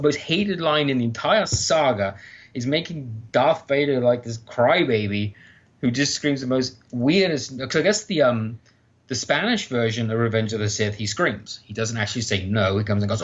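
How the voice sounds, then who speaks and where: A man in his thirties, a guest author chatting casually on a podcast, animated and enthusiastic as he tells stories. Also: medium pitch, lo-fi sound. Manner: enthusiastic, animated storytelling with mock exclamations.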